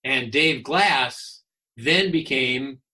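A man in his sixties, a guest on an interview, telling baseball stories in a chatty, animated way and laughing often. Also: medium pitch, extremely slow, breathy edge. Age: 60s. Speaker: guest, former baseball announcer. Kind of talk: casual anecdotal storytelling.

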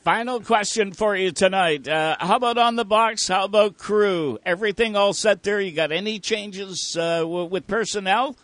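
A man's voice: sits high, normal speed, hardly any pauses, fairly bright tone, no room sound. A man hosting a motorsport radio show, chatty and upbeat as he interviews guests.

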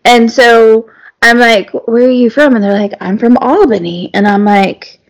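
A woman's voice: fairly high pitch, fairly even intonation, unhurried. A woman telling rambling stories in a casual chat, often breaking into laughter. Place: lives in Georgia.

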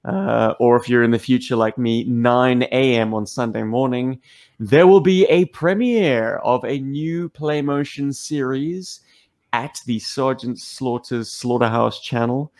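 A man hosting a podcast, talking casually and then making measured announcements. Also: mid-range voice, darkish tone. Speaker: podcast host.

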